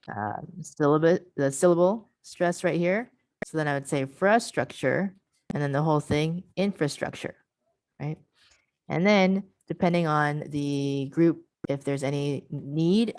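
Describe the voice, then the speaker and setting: A woman's voice: deep voice, moderate pace, dry recording, studio quality. A woman presenting an online teacher workshop over a video call, patient and repeating her key points.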